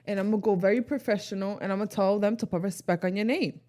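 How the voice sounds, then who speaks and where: A woman in her late twenties, co-hosting a podcast in casual chat, switching between English and Spanish and telling animated stories full of slang. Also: mid-range voice, quick pace. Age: late 20s. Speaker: podcast co-host.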